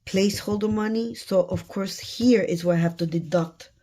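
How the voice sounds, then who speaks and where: A woman counting cash aloud for her budgeting vlog, murmuring numbers and thinking out loud. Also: medium pitch, normal speed. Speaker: budgeting vlogger.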